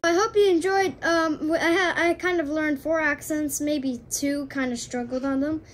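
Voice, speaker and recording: A woman's voice: sits high, steady tone, normal speed, background noise. A woman chatting casually as host, hesitant and full of "like" and "kind of". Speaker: video host. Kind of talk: casual chat.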